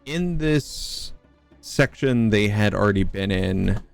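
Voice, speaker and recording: A man running a tabletop game as game master, narrating in a halting way with many fillers. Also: fairly low pitch, lively intonation, gravelly, no room sound, faint music behind. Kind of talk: casual chat and game narration.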